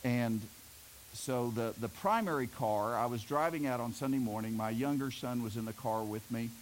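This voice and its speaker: A man's voice: medium pitch, moderate pace, a little hiss or hum, rough recording. A middle-aged man from Oklahoma preaching a sermon, telling homespun stories and joking with the congregation. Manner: folksy storytelling, jokes with the congregation. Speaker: pastor.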